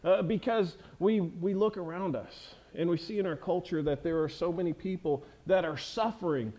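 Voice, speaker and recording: A pastor delivering a sermon in a church, talking conversationally with many fillers and restarts. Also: male voice, sits high, normal speed, mellow.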